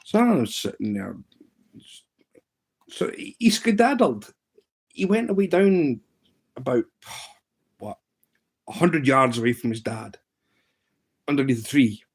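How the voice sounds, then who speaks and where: A man's voice: medium pitch, measured pace, pauses often, husky. A man hosting a casual live chat stream. He tells a story with energy and acts out what others said. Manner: animated anecdote-telling, acting out what others said.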